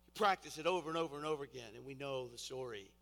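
A man preaching a sermon, exhorting with repetition and swinging from hushed, quiet passages to loud emphatic ones. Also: mid-range voice, racing, vocal fry. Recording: reverberant hall with faint music.

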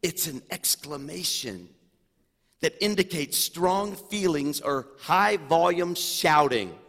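Animated high-voiced pastor in a reverberant hall. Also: male voice. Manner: animated, swings from quiet asides to shouting. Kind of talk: sermon. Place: church sanctuary. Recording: long reverb of a large hall.

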